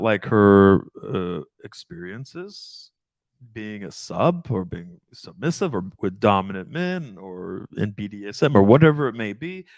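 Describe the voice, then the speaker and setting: Male podcast host and dating coach, lively intonation, blunt and profane. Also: mid-range voice, no echo. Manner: profane, animated, frequent fillers. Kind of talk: casual podcast chat.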